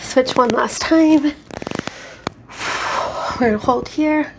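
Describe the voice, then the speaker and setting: A woman's voice: sits high, slow, gravelly, background noise. A woman guiding a casual yoga class at home, out of breath and sweaty, chatty and self-deprecating, with sighs between cues. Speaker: yoga instructor.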